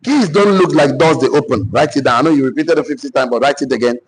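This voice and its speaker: Husky Nigerian man dictating lessons. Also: medium pitch, rough recording. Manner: repeats phrases slowly for note-taking; preacher-like, cites scripture. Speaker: business mentor. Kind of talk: motivational teaching session.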